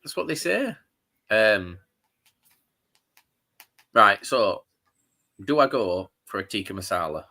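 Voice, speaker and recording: A man's voice: on the low side, sing-song, slow, pauses often, pushed and bright. A man co-hosting a casual football watchalong chat, jokey and full of banter. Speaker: podcast co-host.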